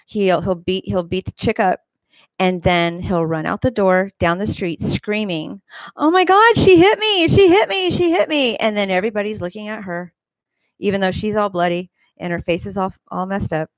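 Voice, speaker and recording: A woman's voice: no echo, low-quality recording. Rambling woman host, dry close sound. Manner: rambling, many fillers and restarts; mimics people in high squeals. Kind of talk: casual monologue.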